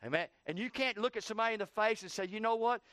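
Male pastor, high voice, fervent sermon delivery, dry close recording. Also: animated, rapid-fire, sharp tone, no echo. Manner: preaching with rising, heated questioning. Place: church.

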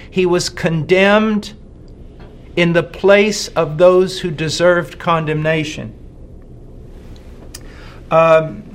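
A man delivers a sermon in a somewhat high voice, speaking slowly and deliberately. He leans hard on key words, drawing them out. He repeats his main lines for emphasis. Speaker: preacher.

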